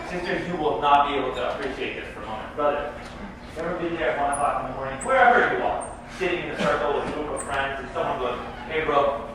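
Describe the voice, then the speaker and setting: A man's voice: on the high side, background noise. A man teaching a casual, joking lecture and asking the audience questions. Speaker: imam teaching tafsir. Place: large echoey hall. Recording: echoey hall from far off.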